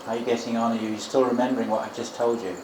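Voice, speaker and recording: A man's voice: mid-range voice, level tone, rapid-fire, noisy background. Musing male monk with echoey crickets. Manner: gentle, musing, frequent restarts and asides. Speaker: Buddhist monk teacher. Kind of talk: informal dharma talk and guided meditation. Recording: echoey room with loud crickets. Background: crickets and insects.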